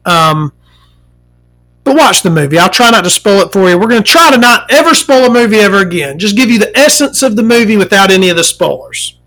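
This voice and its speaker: A woman hosting a casual talk show, ranting in a profane, animated, rambling way. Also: medium pitch, brisk.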